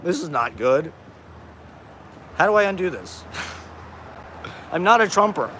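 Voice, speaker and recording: A man's voice: high voice, sing-song, moderate pace, a bit bright. Give me a rambling, profane man streaming outdoors. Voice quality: profane, rambling, laughs often. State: stoned. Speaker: live streamer. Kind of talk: casual rambling live-stream monologue. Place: outdoors on a city street. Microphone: phone on a selfie stick. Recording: busy street traffic noise. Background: city traffic.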